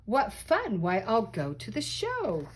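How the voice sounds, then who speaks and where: A woman's voice: medium pitch, wildly swooping pitch, slow pace, slightly rough, heavily acted. A grandmother doing lazy, selfish bird Maisie. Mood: cheerful.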